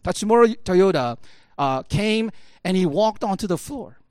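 A man's voice: high voice, animated, normal speed, darkish tone, no room sound. A man telling a story in a casual talk, full of fillers like "like" and "you know", building up to emphatic bursts. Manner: casual, lots of fillers, rising to emphatic peaks. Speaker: speaker.

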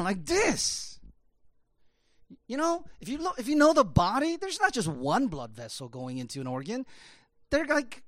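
A man's voice: high-pitched, no echo, studio quality. A man preaching a conversational sermon, rambling with many fillers. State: choked up, emotional. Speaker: pastor.

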